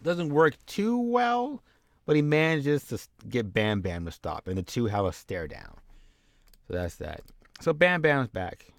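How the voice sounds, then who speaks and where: Man, casual playthrough narrator, lively pitch, dry sound. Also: unhurried, no room sound. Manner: rambling, offhand, lively. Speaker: game commentator.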